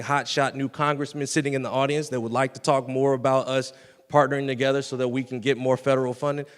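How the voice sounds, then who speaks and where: A man making a playful campaign pitch as a school board candidate at a community forum, teasing the audience. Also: clear, resonant tone. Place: large meeting hall. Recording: long hall reverb.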